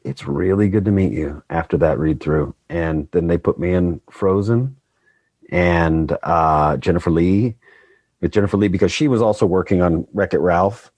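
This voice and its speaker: A man in his fifties, a guest actor in casual chat, telling stories in an animated way. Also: sits low, dry recording. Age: 50s.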